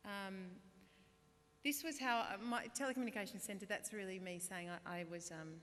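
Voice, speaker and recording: An Australian woman in her thirties giving a humorous, self-deprecating graduation speech, now and then bursting into loud put-on voices. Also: mid-range voice, normal speed. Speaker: guest speaker. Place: large hall. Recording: reverberant hall, faint ambience.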